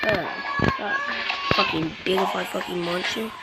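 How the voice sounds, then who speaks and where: A woman giving rambling, excitable commentary while playing a mobile game, swearing a lot, recorded on a phone mic. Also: on the low side, moderate pace. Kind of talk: casual gameplay commentary. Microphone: phone microphone during screen recording. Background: game music.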